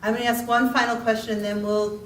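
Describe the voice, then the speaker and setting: A woman's voice: a little high, level tone, fast, slight background noise. A woman hosting an author panel, speaking in brief prompts to the guests and audience. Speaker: event host. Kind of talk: moderating a panel. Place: book event room, indoors. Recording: echoey room, mic far off.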